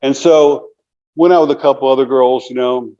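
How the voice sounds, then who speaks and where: Man, 60s, interview guest, rambling casual storyteller, middle pitch, muffled lo-fi audio. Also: steady tone, moderate pace, dark tone. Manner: rambling, many "you know" fillers.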